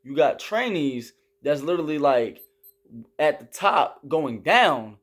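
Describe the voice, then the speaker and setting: A man's voice: on the high side, very animated, slow pace. A young man casually telling a story about army basic training, rambling and leaning heavily on fillers while he gestures through the steps. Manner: explains with hand gestures.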